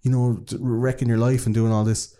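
A man voicing a distraught young woman who sounds shrill and accusing. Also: level tone, a little fast, mellow, lightly acted.

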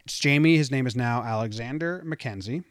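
A man's voice: mid-range voice, fairly quick, no room sound, clean studio sound. Chatty man co-hosting a podcast. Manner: rambling, chatty, laughs often. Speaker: podcast co-host. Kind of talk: casual chat about a TV show.

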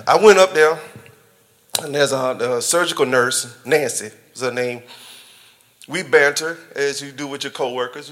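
A man's voice: medium pitch, fairly bright tone. A man giving a personal testimony to his church family, talking in a colloquial, conversational way and chuckling as he speaks straight to the listeners. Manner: conversational and colloquial, chuckling often, addressing the congregation directly.

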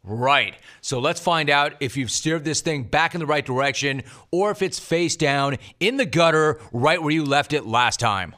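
A male sports podcast host introduces a segment with mocking, theatrical menace. His voice sits a little high, and his delivery is punchy and scripted. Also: animated, normal speed, hardly any pauses, bright, forceful tone.

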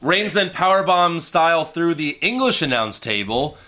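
Bright-voiced man recapping matches casually. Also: fairly high pitch, sing-song, normal speed. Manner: laid-back, jokey play-by-play recap. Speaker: podcast co-host recapping wrestling. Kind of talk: casual chat.

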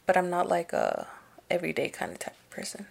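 A woman's voice: on the low side, wildly swooping pitch, brisk, creaky. A woman co-hosting a podcast in casual chat, swearing freely and dropping Spanish phrases into her English. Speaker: podcast co-host.

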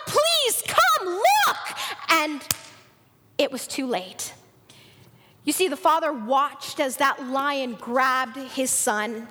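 A woman with a high voice preaches to her congregation with earnest storytelling and lets her voice climb for the characters. Her words carry a long reverb, as if spoken in a large church hall. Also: pushed and bright. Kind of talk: sermon storytelling.

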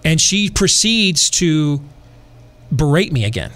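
A man hosting a podcast, telling a long personal story in a casual, animated way, repeating himself and adding dry asides. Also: fairly high pitch, measured pace, pauses often. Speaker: podcast host.

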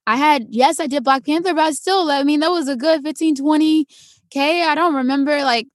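A young adult woman, an actress and stuntwoman, telling her story in a casual interview and acting out quoted voices with big jumps in pitch. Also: brisk, dry recording, studio quality.

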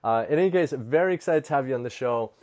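A man's voice: medium pitch, expressive, fast, darkish tone, no room sound. A man hosting a podcast, a native Russian speaker, talking with eager energy and lots of fillers like "like". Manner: enthusiastic, filler-heavy, says "like" often. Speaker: podcast host. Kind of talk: podcast intro and interview.

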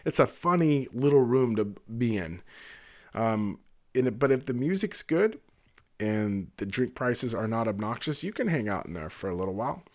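A man, a bartender, casually telling a rambling personal anecdote with lively, digressive delivery and laughs slipping in. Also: mid-range voice, moderate pace.

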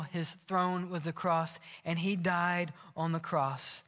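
A man preaching a sermon as pastor, impassioned and earnest, sometimes dropping his voice low for emphasis. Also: steady tone, a little slow, few pauses, sharp tone. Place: large church sanctuary. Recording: long hall reverb.

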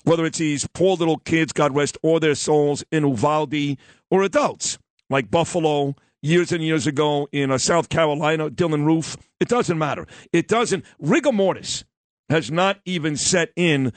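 A radio host with a Brooklyn accent, talking loose and joking at his co-hosts. His voice sits a little high, picked up dry and close on a studio microphone. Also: normal speed, dry recording. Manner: joking, self-mocking, loud. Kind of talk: casual radio banter.

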